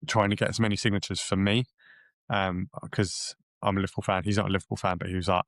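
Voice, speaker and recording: A man co-hosting a podcast, telling a story in rambling, animated casual chat with many restarts. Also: lowish voice, a little fast, no room sound. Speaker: podcast co-host.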